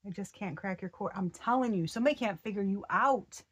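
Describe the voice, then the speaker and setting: A woman giving a casual tarot reading, excitable and slangy, often breaking off mid-sentence to start over. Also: mid-range voice, brisk. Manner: slangy and profane. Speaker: tarot reader.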